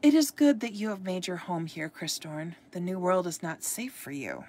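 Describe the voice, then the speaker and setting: A woman's voice: lowish voice, animated, normal speed, darkish tone. A woman voicing Kris Kringle as a dutiful, protective brother, speaking earnestly and formally in a storybook reading.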